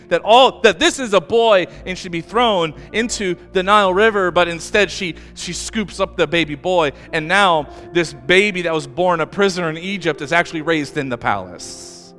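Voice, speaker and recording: A man's voice: high voice, a bit bright. A man preaching a sermon as pastor, telling the story in a conversational way with asides. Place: church. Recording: reverberant church hall with faint music.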